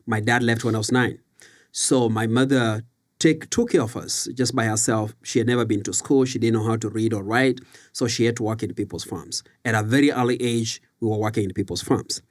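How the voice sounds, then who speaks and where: A man's voice: on the low side, a little fast. A man from Kenya, a leadership coach and author, telling his life story in an earnest, reflective podcast interview. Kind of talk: conversational storytelling.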